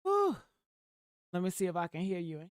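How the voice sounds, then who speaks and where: A woman's voice: lowish voice, wildly swooping pitch, moderate pace, no room sound, clean studio sound. A woman giving blunt, profane, sassy commentary on a livestream, calling her listeners honey. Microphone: desktop mic.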